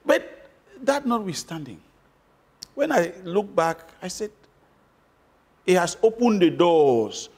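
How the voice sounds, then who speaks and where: Middle-aged man from Cameroon, high-pitched, emphatic interview guest who hammers points with rhetorical questions. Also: very animated, slow pace, pauses often, a little mellow, breathy edge. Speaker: political guest. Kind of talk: interview answers.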